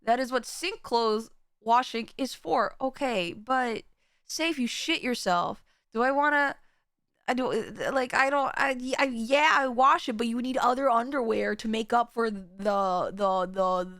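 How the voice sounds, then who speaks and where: A woman's voice: fairly high pitch, a little slow, fairly bright tone, clear, resonant tone, no room sound, studio quality. A woman streamer chatting casually with her viewers, rambling, giggling and stumbling over restarts. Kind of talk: casual live-stream chat.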